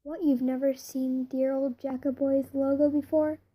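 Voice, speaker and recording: A woman's voice: high voice, little pitch movement, normal speed, dark tone, lightly acted, rough recording. A woman reading a sneering demon man. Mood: taunting. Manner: hissing taunts. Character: menacing, sneering male demon look-alike. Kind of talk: fan fiction reading.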